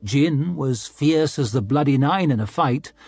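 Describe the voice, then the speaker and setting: A man narrating an audiobook in a measured, even storytelling manner. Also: medium pitch, breathy edge, dry recording, soft background music. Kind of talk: scripted narration.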